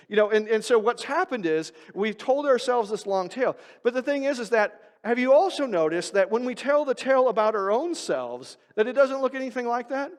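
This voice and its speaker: High-voiced pastor preaching in a church. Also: male voice, animated, quick pace, hardly any pauses. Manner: conversational, asks the congregation questions, acts out quoted voices. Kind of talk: sermon. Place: church sanctuary. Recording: church hall reverb.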